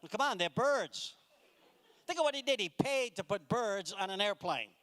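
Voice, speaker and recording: A man's voice: sits high, animated, normal speed, a bit bright. A man doing a stand-up comedy routine on a stage mic, exasperated and mocking, acting out the people in his jokes. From United States. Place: comedy club stage with a live audience.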